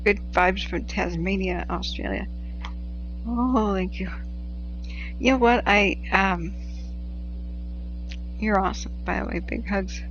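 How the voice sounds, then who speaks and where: A woman's voice: mid-range voice, takes it slowly, creaky, long pauses, a bit bright, slight background noise. Woman, livestream host, casual chat, laughs often, slightly dull audio. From Pacific Northwest. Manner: chatty, laughs often, reads viewer messages aloud. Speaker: livestream host tracking wildfires.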